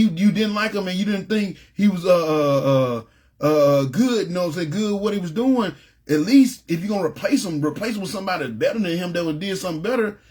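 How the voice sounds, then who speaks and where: With a fairly high, darkish and slightly rough voice, a man leads a ministry group through a relaxed Bible lesson. He keeps it conversational, frequently asking his listeners "you know what I'm saying".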